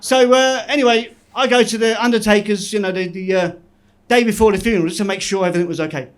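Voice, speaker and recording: A man doing stand-up in a club, delivering one-liners deadpan, with the odd quick chuckle at his own jokes. His voice sits notably high for a man. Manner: deadpan joke delivery with quick self-laughs. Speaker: stand-up comedian. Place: comedy club stage.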